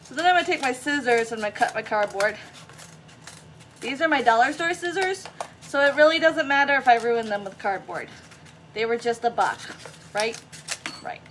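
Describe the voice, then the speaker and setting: High voiced lady rambling through a diy craft, jokey, faint hiss behind. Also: expressive, moderate pace, long pauses, a bit bright. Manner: chatty, self-deprecating, talks to viewers as guys. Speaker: craft vlogger. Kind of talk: casual crafting tutorial.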